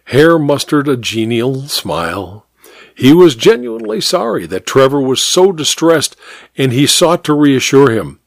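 A man narrating a mystery story in a measured, expressive reading. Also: mid-range voice, vocal fry, no echo, clean studio sound.

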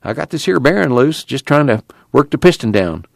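A man voicing an eager young man who calls out excitedly while working on an old car. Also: medium pitch, a little fast, vocal fry, no room sound, pitched above the performer's own voice.

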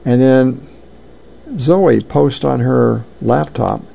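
A man hosting a show, reading comic strips aloud in an unhurried way with frequent ums and uhs. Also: mid-range voice, gravelly, mellow, dull audio.

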